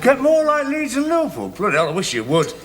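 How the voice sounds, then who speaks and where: An actor playing a proud, combative northern English football supporter with a northern accent, teasing and arguing in a 1970s television sitcom. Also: male voice, very high voice, wildly swooping pitch, quick pace, faint music behind, full character voice. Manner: combative, teasing, bursts of shouting.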